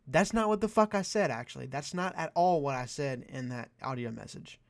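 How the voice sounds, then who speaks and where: Young male vlogger, exasperated and cussing. Mid-pitched, dry sound. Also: lively intonation, brisk, creaky, hardly any pauses, dry recording. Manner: profane, exasperated, sarcastic. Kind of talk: ranting commentary.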